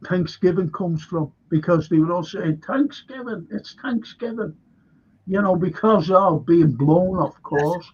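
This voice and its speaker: A man's voice: fairly high pitch, fairly even intonation, a little slow, hardly any pauses, breathy edge, dull audio. A man with a Liverpool accent, a local historian telling rambling history anecdotes in a livestream chat and acting out the people in his stories. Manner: rambling anecdotes, acts out quoted voices.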